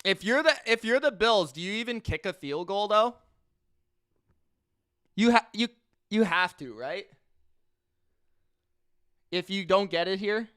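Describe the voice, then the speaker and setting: This sports reaction streamer has a high-pitched, expressive, smooth voice and an unhurried delivery with long pauses. Calling the play-by-play live, he swears, lurches from muttering to yelling, and repeats himself in disbelief.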